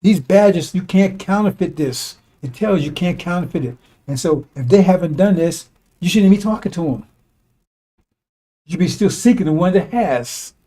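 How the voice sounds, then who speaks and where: A man's voice: high voice, normal speed, mellow. A man giving an informal preaching monologue, talking conversationally and drilling his points with repeated asides like "see?" and "right?". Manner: repetitive, emphatic drilling of points. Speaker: religious commentator.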